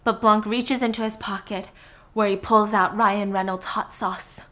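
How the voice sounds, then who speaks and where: A woman's voice: mid-range voice, fairly even intonation, unhurried, fairly bright tone. A woman recapping a film plot to a friend, acting out quoted lines and dropping to whispers for tense moments. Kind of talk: animated movie recap with acted-out quotes.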